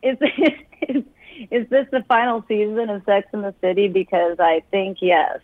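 A woman's voice: medium pitch, normal speed, no echo, phone-quality sound. A young woman calling into a comedy show, brash and profane, laughing often. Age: young adult. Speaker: caller. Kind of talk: crude comedic call-in banter.

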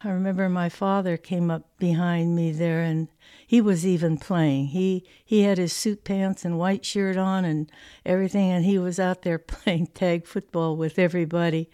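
A woman in her eighties from California, telling stories from her childhood in a lively, anecdotal way. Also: fairly low pitch, moderate pace, clear, resonant tone, no room sound, studio quality. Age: 80s. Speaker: interviewee. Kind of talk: personal storytelling.

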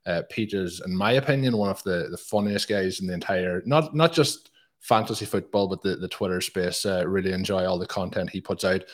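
An Irish man hosts a podcast in a low voice, speaking a little fast. The chat is casual and upbeat, packed with fillers and restarts.

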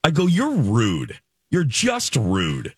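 A man in his forties tells a story in a lively, swooping voice and acts out every quote. His voice is recorded dry and close, with no room sound. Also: medium pitch, takes it slowly, slightly rough, dry recording. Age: 40s. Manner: animated storyteller acting out quotes. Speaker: radio show co-host. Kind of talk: casual chat, telling a personal story.

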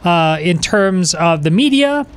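A man co-hosting a podcast, speaking haltingly with many restarts and fillers. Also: high voice, animated, smooth. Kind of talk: casual podcast talk.

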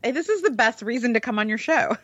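Bubbly woman, lively voice. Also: a little high, quick pace, dry recording, muffled recording. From Alabama, US. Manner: bubbly, enthusiastic. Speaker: podcast guest. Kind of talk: casual chat.

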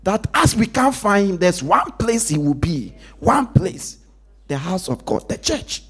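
A man preaching a sermon in call-and-response style, dropping to a hush to stress a point and asking the congregation to complete his lines. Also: a little slow, slightly rough. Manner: call-and-response preaching, lively pitch, drops to a hush for emphasis. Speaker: pastor.

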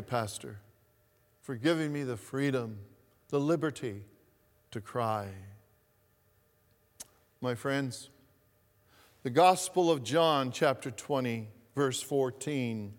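A male pastor delivers a sermon at an unhurried, measured pace, leaning on repetition to drive points home. His voice sits a little high for a man, and it rings out with the long reverb of a church sanctuary. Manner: slow, deliberate preaching with repeated phrases.

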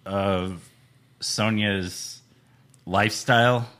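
A man's voice: fairly low pitch, fairly even intonation, extremely slow, fairly bright tone. A man co-hosting a casual podcast chat, chiming in with short, wry remarks. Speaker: podcast co-host.

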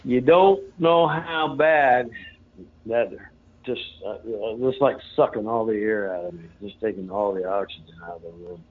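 A man's voice: on the low side, normal speed. Rambling storyteller man on a phone line. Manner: rambling, folksy, lots of fillers. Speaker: interview guest. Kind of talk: casual storytelling. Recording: phone-like narrow sound.

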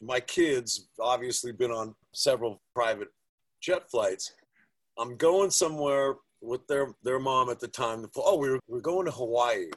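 A man in a casual podcast conversation, telling animated stories and swearing freely. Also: mid-range voice, measured pace.

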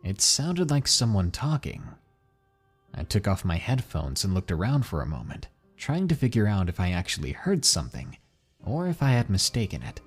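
A man with a low, husky voice reads horror stories aloud. His pitch swings widely as he builds tension. Faint music plays behind him. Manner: dramatic, slowing and dropping for suspense. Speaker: narrator. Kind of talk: scripted horror story narration.

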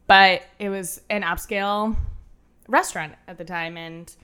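A woman in her thirties from Ohio tells a story as a guest, animated and quick to laugh. Her voice is bright and crisp, sitting at an ordinary middle pitch. She talks casually and throws in the odd curse. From Ohio, USA.

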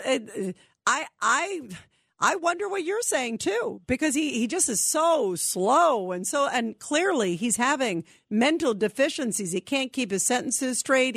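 A woman's voice: high-pitched, fairly bright tone, dry recording, clean studio sound. A woman hosting a call-in radio talk show, talking in long rambling emphatic stretches full of fillers and restarts.

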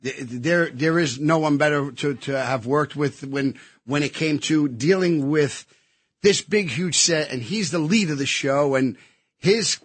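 A man's voice: a little high, measured pace, no room sound. Emphatic man telling stories. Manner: emphatic, repetitive storyteller. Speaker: actor and guest. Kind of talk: casual interview chat.

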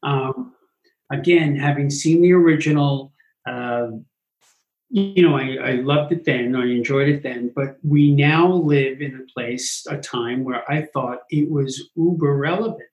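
A man, a Broadway producer, telling animated stories in an interview and acting out what others said. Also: medium pitch, a little slow, echoey room, lo-fi sound. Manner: animated anecdotes, acts out quotes. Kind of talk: interview storytelling.

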